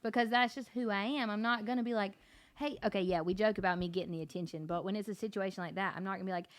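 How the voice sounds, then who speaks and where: A woman's voice: medium pitch, fairly even intonation, very fast. Chatty woman telling a rambling story. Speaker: podcast guest. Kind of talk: casual chat.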